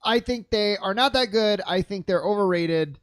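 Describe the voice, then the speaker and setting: A young man co-hosting a podcast, talking in an animated, casual way, laughing often and stumbling over restarts. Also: high-pitched, normal speed, no room sound. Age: young adult. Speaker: podcast co-host. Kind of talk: casual chat.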